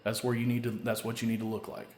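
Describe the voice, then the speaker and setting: A man delivering a rambling, angry, profane solo rant, now and then building to loud shouting. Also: fairly low pitch, level tone, fast talker, a little hiss or hum. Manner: angry, profane, repeats a stock filler question. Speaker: vlogger. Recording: echoey room.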